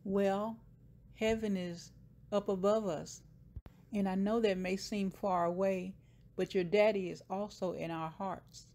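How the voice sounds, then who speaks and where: Woman, casual episode recap, slow, gravelly, retells scenes and acts out quotes. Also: medium pitch, darkish tone. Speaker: show recapper.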